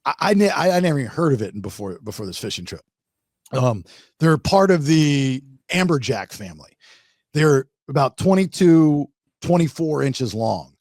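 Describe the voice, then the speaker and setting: Middle-aged man, podcast host, lively rising voice, gravelly edge, dry close sound. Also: a little high, normal speed, no room sound. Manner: animated, restarts a lot, acts out shark growls. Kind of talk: casual storytelling chat.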